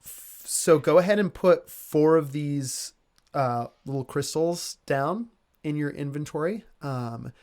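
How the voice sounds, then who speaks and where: A man's voice: a little high, takes it slowly, darkish tone. A man acting as game master for a tabletop game, explaining rules in an easygoing way full of fillers.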